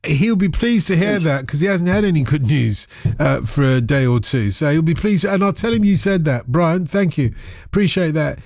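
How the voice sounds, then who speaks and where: A man's voice: fairly high pitch, animated, moderate pace, darkish tone, no room sound, clean studio sound. A man hosting a radio phone-in, chatting casually and teasing callers with thinking-aloud asides. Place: radio studio.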